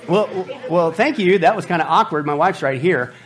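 A man with a high-pitched voice preaches a sermon as pastor. He jokes with the congregation and keeps repeating phrases for emphasis. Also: moderate pace, some chatter behind.

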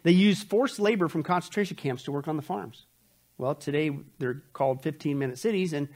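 A man teaching a Bible prophecy study, emphatic and sarcastic, with quick asides. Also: fairly high pitch, darkish tone. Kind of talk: sermon-style Bible study lecture.

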